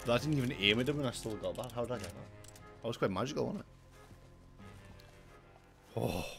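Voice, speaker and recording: A man's voice: medium pitch, a little fast, creaky. A young man streaming a game, joking and easily startled. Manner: excitable, jokey, easily startled. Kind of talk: gaming livestream commentary. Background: game music.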